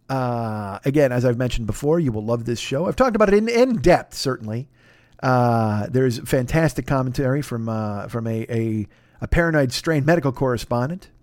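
A man hosts a podcast and riffs through a sponsor plug in a crude, profane ramble, mocking himself as he goes. His voice sits a bit high for a man and swings from loud bursts to low mutters. The sound is dry, with no room around it. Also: no echo. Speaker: podcast host.

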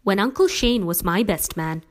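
A woman's voice: medium pitch, expressive, normal speed, lightly acted. A woman voicing an earnest, grumbling middle-aged father who lectures his son in a family story. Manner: stern, grumbling.

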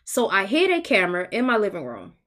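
A woman co-hosting a casual podcast, reading listener questions aloud and reacting with animated exclamations. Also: medium pitch, fast talker. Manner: animated, exclaiming, laughs often. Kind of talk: casual chat.

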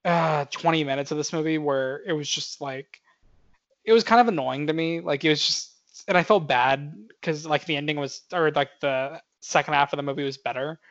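A man's voice: fairly high pitch, moderate pace, a bit bright. A young man co-hosting a casual movie podcast, rambling with lots of fillers and laughing often. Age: young adult. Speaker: podcast co-host. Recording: muffled lo-fi audio.

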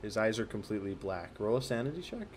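A man's voice: lowish voice, expressive, quick pace, a little hiss or hum. A man running a tabletop game as game master, narrating with frequent hesitations. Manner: hesitant, many ums.

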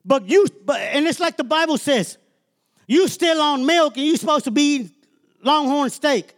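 A man's voice: extremely high pitch, expressive, moderate pace. A man preaching a sermon as minister, emphatic and colloquial, often calling out "Amen?" to the congregation.

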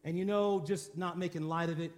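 A man's voice: fairly high pitch, steady tone, fairly quick. A man preaching a sermon, driving his points home with repeated declarations and rhetorical questions, and calling on the congregation to respond. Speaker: pastor.

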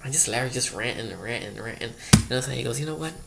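A man's voice: mid-range voice, very fast, vocal fry, very noisy. A man doing a rambling comedic monologue, full of loose asides and repeated "you know".

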